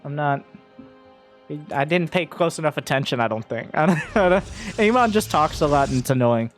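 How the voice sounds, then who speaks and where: A man casting a strategy game match, joking around and getting loud and excited at big plays. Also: fairly high pitch, normal speed, soft background music. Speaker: esports caster. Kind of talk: game commentary.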